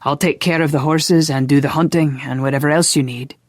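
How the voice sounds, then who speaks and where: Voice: mid-range voice, fairly even intonation, brisk, no echo, clean studio sound, close to an everyday voice. A narrator voicing a terse, protective young Scotsman with a Scottish accent. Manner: terse, clipped.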